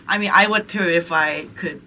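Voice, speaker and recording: Young british woman chatting on a podcast, bright voice, laughs a lot, says like a ton, sounds a bit far from the mic. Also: mid-range voice, a little hiss or hum. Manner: relaxed, laughs often, many "like" fillers. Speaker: podcast guest. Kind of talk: casual livestream chat.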